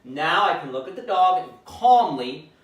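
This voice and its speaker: A man giving a dog-training lesson, explaining calmly and acting out commands aloud. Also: on the high side, a little slow, lo-fi sound. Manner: calm, demonstrates commands aloud. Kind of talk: instructional demonstration. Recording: echoey room, mic at a distance.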